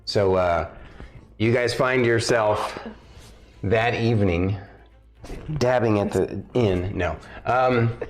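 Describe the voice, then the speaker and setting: A man with a slightly low voice runs a tabletop game on a live stream. He chats casually, restarting his sentences and laughing often. Faint music plays behind him. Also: slow, pauses often. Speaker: game master.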